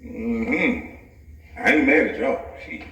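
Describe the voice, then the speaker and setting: A man with a lively, bouncing delivery rants in a loose, profane, comic way and keeps breaking into laughter mid-sentence. He sits back from the mic, so his voice arrives a little distant. The room around him is echoey. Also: mid-range voice, slow pace, muffled recording. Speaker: vlogger. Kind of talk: profane comic rant to camera. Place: home office.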